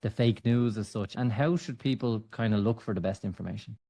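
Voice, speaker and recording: A man's voice: fairly low pitch, a little fast, warm tone. Teasing male podcast host. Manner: teasing, asks long questions. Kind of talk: casual interview chat.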